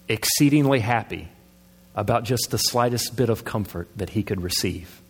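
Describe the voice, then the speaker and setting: A man pastor preaching a sermon in a conversational way, asking his listeners questions. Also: lowish voice. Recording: long hall reverb.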